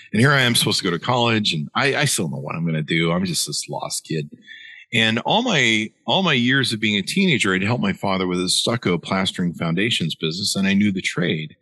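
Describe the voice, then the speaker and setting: A man's voice: on the low side, bright, forceful tone, husky, no room sound. A middle-aged man, an author guest, telling a long story in an interview with many fillers and restarts.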